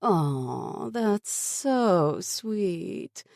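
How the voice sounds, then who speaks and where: A woman voicing a blunt, sarcastic young woman survivor who teases her friends, in an audiobook read on a low, dark, dry voice. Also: big pitch swings, unhurried, gravelly, no room sound, full character voice.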